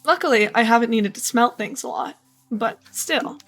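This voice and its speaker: A woman's voice: a little high, moderate pace, fairly bright tone, soft background music. A woman streaming a game, chatting casually to herself and her viewers, playful and tired, often repeating little phrases. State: yawning, tired. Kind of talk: casual gameplay commentary.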